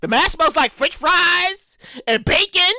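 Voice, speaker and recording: A young woman runs her own podcast with a loud, animated delivery, swearing and acting out scenes as she goes. Her voice sits high and bright and jumps all over her range. The sound is dry and close. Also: measured pace, no echo. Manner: animated, loud, swearing, acts out customers and cashiers. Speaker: podcast host. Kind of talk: casual solo podcast commentary.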